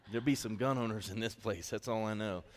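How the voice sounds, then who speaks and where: Pastor guy preaching, kinda low voice, chatty storyteller, big echoey church hall. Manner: storytelling, animated and conversational, quick asides. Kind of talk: sermon.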